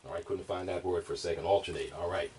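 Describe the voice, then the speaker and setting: A man's voice: deep voice, fairly even intonation, racing, darkish tone, a little hiss or hum. Man teaching drums from a distance. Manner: loose, rambling, many fillers and restarts. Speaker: drum teacher. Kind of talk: casual instructional talk. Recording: distant mic, drums playing.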